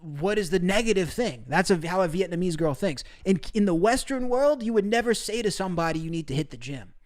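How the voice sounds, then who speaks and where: A man's voice: high voice, animated, brisk. A young man casually talking to his live-stream chat, laughing often, cursing and calling viewers bro. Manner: crude, laughing, brotherly slang.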